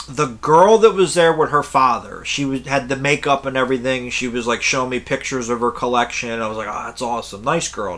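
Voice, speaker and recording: A young man with a bright, forceful voice talks casually to camera. He rambles from one point to the next and swears without a second thought. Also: medium pitch. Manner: rambling, blunt, swears freely. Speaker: concert reviewer.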